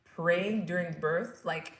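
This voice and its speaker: A young woman recounts her experience in a relaxed, chatty way, acting out voices and laughing at herself as she goes. Her voice sits on the low side for a woman, and the room adds a noticeable echo. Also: slow pace. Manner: animated, acts out quotes and screams, laughs at herself. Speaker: vlogger telling her birth story. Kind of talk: casual personal storytelling. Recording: echoey room.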